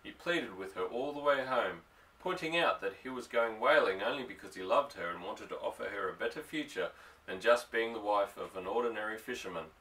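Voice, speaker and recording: Low, bright male audiobook narrator. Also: a little fast. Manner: steady storytelling. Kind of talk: scripted narration. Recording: distant mic.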